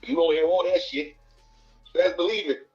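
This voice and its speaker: A man's voice: fairly high pitch, steady tone, moderate pace, darkish tone, muffled recording, soft background music. A man hosting a casual reaction show, giving blunt, preachy commentary and swearing freely. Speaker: host.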